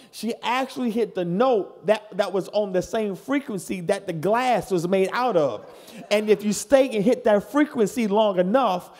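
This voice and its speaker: A man's voice: high-pitched, darkish tone. A pastor in his thirties preaching a sermon to his congregation in church, building from plain talk into hollering. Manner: talks straight to the congregation.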